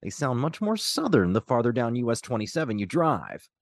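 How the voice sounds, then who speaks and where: A man narrating a scripted news feature in a measured, clear way. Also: mid-range voice, very animated, no echo, clean studio sound. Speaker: radio reporter and narrator.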